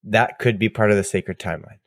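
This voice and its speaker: Excitable laughing man, dry sound. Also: lowish voice, brisk, no echo. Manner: excitable, laughing, rambling with restarts. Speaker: podcast co-host. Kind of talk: casual chat.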